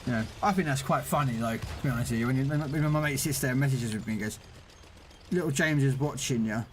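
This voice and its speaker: A man's voice: medium pitch, fast talker, slight background noise. A man chatting casually while streaming a tank game, laughing at his own stories. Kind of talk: casual gameplay commentary.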